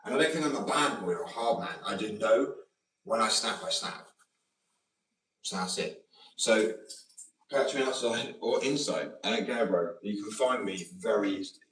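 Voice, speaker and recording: A man's voice: fairly low pitch, animated, normal speed, a bit bright. A man with a slight Australian twang, ranting to camera in a profane, combative, rambling monologue. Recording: roomy sound from a distant mic.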